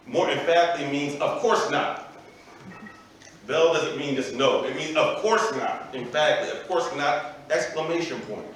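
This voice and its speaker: A man delivers a religious lecture with emphatic explanations, his voice sitting a little high. He is heard from a distance in a very echoey room, with a faint noise underneath. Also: fairly bright tone. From United States. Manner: explanatory, emphatic, asks the audience "right?". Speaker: imam giving a lecture. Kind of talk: religious lecture to a live audience. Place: festival venue with an audience.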